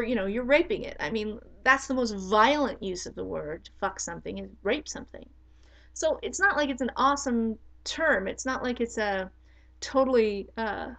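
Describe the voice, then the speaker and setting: A middle-aged woman speaks in a casual monologue with blunt, emphatic conviction. Her voice sits at an ordinary pitch for a woman, with a gravelly fry running through it. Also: low-quality recording. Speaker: spiritual teacher.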